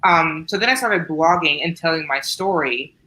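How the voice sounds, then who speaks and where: A woman from Southern Ohio, a writer, answering interview questions in a fairly monotone but forceful storytelling manner. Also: low voice, normal speed, slight background noise, poor audio. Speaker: writer, panelist. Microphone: video call.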